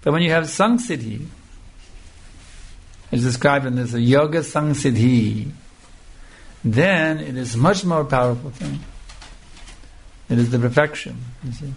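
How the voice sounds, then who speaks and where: A man giving a scripture lecture as a spiritual teacher, speaking slowly and emphatically and repeating phrases for emphasis. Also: mid-range voice, creaky, slightly rough.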